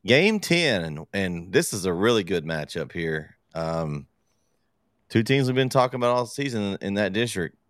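A man co-hosting a casual sports chat, relaxed and hesitant, with many fillers. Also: deep voice, moderate pace, dry recording, clean studio sound. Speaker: podcast co-host.

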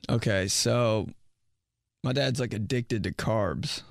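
A man's voice: lowish voice, measured pace, creaky, dry recording. Rambling young man, dry close sound. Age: 20s. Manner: rambling, filler-heavy with frequent "like". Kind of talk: casual comedic monologue.

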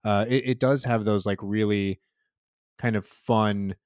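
Flat-voiced man discussing a film. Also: fairly low pitch, measured pace, no echo, studio quality. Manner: hedging, filler-heavy. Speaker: podcast co-host.

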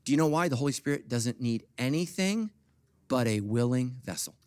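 A middle-aged man preaching a sermon as pastor, swinging from quiet, confiding asides to loud, high-pitched bursts. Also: animated, normal speed, smooth, no echo.

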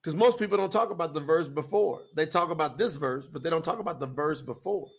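Gravelly high-voiced man teaching scripture. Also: quick pace. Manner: conversational, emphatic, repeats phrases. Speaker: podcast preacher.

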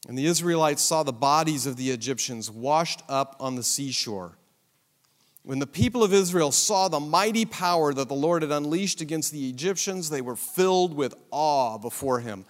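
Man, Bible survey lesson, rhetorical questions, asides, echoey hall. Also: on the high side. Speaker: Bible teacher.

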